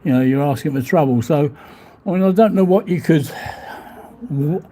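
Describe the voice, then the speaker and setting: Reading viewer comments aloud, a man rambles through a casual live stream, laughing a lot and using mild swearing. His mellow voice sits a little high and moves at a moderate pace, and he's a vlogger broadcasting from a hotel room overlooking the seafront.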